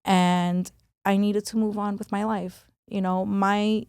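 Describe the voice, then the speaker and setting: A woman's voice: mid-range voice, flat delivery, slow pace, darkish tone, clear, resonant tone, dry recording, studio quality. A woman guest on a podcast, speaking candidly and earnestly in a conversational interview, stressing words as she reflects.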